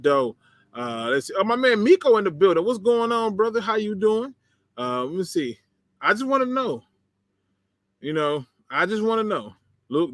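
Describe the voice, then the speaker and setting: A man hosting a sports livestream, his voice a bit higher than most and swinging widely as he reacts to the chat with sarcasm and laughs. The sound is dry and close, with no room around it. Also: no echo. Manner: animated, sarcastic, laughs often, talks to chat. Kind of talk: casual livestream commentary, reading chat.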